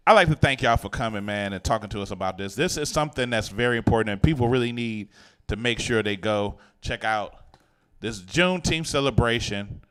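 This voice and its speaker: A man's voice: on the low side, expressive, fairly quick, a bit bright, clear, resonant tone. A man hosting a radio show, chatting casually and joking with his guests through a headset mic. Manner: playful, joking, laughs often. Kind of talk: casual on-air chat.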